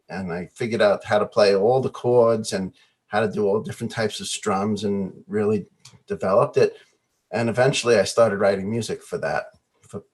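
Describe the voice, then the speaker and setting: A man telling stories as a guest on a video call interview, animated, often acting out the voices in his anecdotes and laughing. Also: on the low side, slightly rough. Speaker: guest musician.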